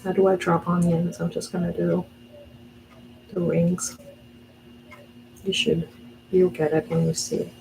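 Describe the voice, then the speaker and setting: A woman's voice: fairly low pitch, level tone, measured pace, vocal fry, long pauses, darkish tone, a little hiss or hum, low-quality recording. A woman in her thirties chatting casually while she draws and paints, musing aloud and talking herself through each step. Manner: chatty, talks to herself as she works, laughs often. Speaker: art vlogger.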